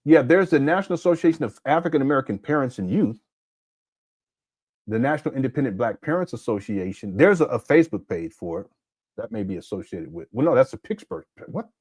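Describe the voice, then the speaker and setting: A man with a sore throat talks through a critical livestream commentary, reading viewer chat aloud and often breaking into laughter. His voice sits in an ordinary middle pitch. The recording is close and dry, with no room sound. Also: big pitch swings, brisk, darkish tone, breathy edge, no room sound. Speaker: commentary host.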